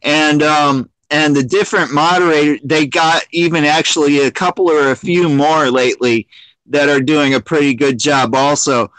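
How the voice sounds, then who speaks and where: A man's voice: on the high side, steady tone, moderate pace, a bit bright, dry recording, rough recording. A man chatting casually on a livestream, rambling with many restarts and frequent laughs. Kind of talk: casual chat.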